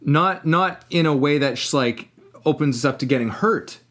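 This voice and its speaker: A man's voice: fairly high pitch, moderate pace, fairly bright tone. A man co-hosting a casual podcast, talking reflectively and thinking aloud as he goes. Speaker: podcast co-host.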